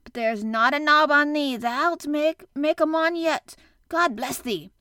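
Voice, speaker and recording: A woman doing a hoarse quavering old gardener. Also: sits high, expressive, takes it slowly, pushed and bright, no echo, clean studio sound, pitched above the performer's own voice, heavily acted. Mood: choked. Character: weepy hoarse old male gardener, gruff.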